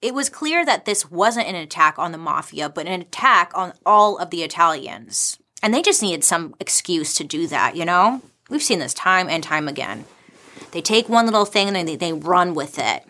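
A young woman casually telling a dark history story, chatty with sarcastic asides. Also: lowish voice, very animated, normal speed.

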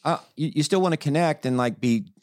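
A man's voice: on the high side, brisk, darkish tone, no echo, studio quality. An older man telling a rambling, self-deprecating story in casual family chat on a podcast. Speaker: family podcast regular, the dad.

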